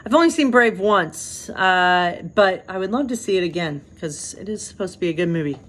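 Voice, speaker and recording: A woman's voice: fairly low pitch, lively intonation, normal speed, fairly bright tone, a little hiss or hum. Chatty woman pastor reading bedtime stories. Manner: chatty, self-deprecating asides between reading.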